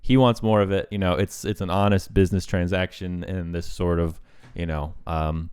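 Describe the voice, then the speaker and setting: Deep-voiced laid-back man reviewing films. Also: fairly even intonation, normal speed, a little mellow, clean tone, dry recording. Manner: laid-back, swears freely, many fillers. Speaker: podcast co-host. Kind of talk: casual film review chat.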